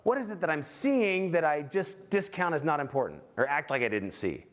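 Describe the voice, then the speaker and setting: Man, keynote speaker, lively swooping pitch, slightly high voice, storytelling, quizzes the crowd. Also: normal speed. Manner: animated storytelling with audience questions; self-mocking, acts out his own anger. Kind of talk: motivational keynote talk.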